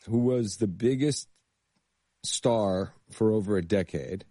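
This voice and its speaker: Casting: low-pitched male guest, dry close sound, chatty anecdote teller who laughs through stories. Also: slow pace, dry recording. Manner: animated anecdotes with laughter and acted-out quotes. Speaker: actor guest. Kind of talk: casual interview storytelling.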